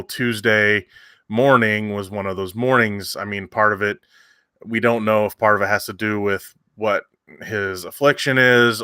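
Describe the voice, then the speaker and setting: A man's voice: fairly low pitch, pushed and bright, smooth, dry recording, studio quality. A man, hosting a livestream and telling a long story in casual chat with many fillers and restarts. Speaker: livestream host.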